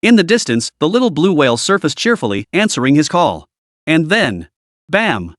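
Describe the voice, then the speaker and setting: A man reading a scripted story recap as narrator, with a lively storytelling delivery. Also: a little high, moderate pace, no room sound, studio quality.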